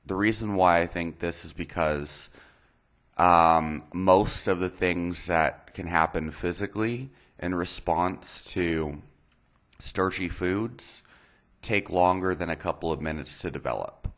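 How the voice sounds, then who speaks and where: A man's voice: low-pitched, a bit bright. A man hosting his own health channel, talking in a casual, meandering way with lots of fillers. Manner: meandering, many fillers and pauses. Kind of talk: casual explainer talk.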